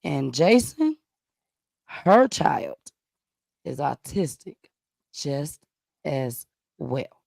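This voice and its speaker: A woman's voice: sits low, big pitch swings, very slow, gravelly, long pauses, a little mellow, no echo, studio quality. A woman hosting a live stream, giving casual, slangy commentary on news clips and talking directly to her audience.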